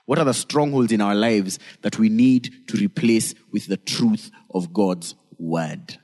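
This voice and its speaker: A man preaching a sermon as pastor, emphatic, with sudden swings into high, dramatic delivery. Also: measured pace, darkish tone. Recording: long reverb of a church hall.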